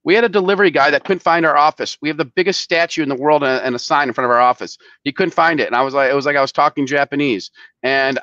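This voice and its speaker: A man's voice: on the high side, fast, bright, forceful tone, highs cut off. Ranting man on a live stream. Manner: worked up, ranting, swearing, many restarts. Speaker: show co-host, company head. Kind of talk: casual live-stream chat.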